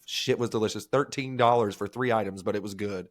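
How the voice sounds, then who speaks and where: A married man co-hosting a podcast, chatting casually and telling animated, profane stories with acted-out quotes. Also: lowish voice, fairly quick. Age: adult, married. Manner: animated storyteller, swears freely, acts out quotes. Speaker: podcast co-host.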